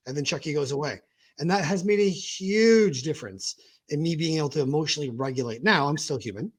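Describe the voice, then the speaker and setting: A man's voice: a little high, animated, fairly quick, breathy edge. A man hosting a podcast, talking candidly and animatedly about his own mental health and acting out his inner dialogue. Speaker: podcast host.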